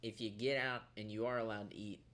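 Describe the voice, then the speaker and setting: Animated Southern man co-hosting. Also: on the low side, fast. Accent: Southern American. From American South. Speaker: co-host of a guitar shop live stream. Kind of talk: casual chat.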